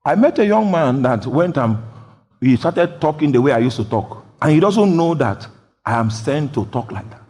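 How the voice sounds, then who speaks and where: A man preaching a sermon, jumping from loud shouted quotations down to quiet, low explanation. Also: very animated, normal speed. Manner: bursts into loud shouted quotes, then drops low. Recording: long hall reverb.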